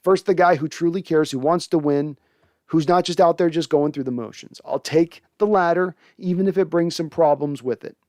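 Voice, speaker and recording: A young man hosts a casual fan show, reading out comments and answering with opinionated takes. His voice sits a little high and comes through smooth and resonant. The sound is dry and close. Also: normal speed, a little mellow, no room sound. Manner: conversational, opinionated, frequent restarts. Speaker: sports podcast host reading viewer comments.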